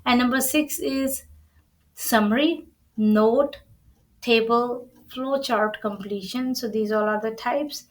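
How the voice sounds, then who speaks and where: A woman's voice: fairly high pitch, takes it slowly, rough recording. A woman teaching an exam-prep lesson, explaining earnestly with many restarts and repeated phrases. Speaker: IELTS tutor.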